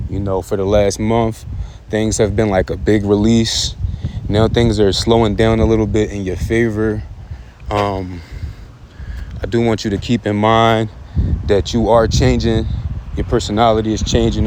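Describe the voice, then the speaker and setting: A man's voice: fairly low pitch, darkish tone, slight background noise, poor audio. A man giving a casual astrology forecast outdoors while on the move, rambling loosely and repeating himself with lots of fillers. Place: outdoors in an urban area, walking.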